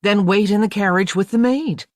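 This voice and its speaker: A woman voicing a lively, impatient young American girl with an American accent, teasing and cheerful in an audiobook reading. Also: mid-range voice, normal speed, dry recording, clean studio sound, voice pushed up, natural voice. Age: young adult.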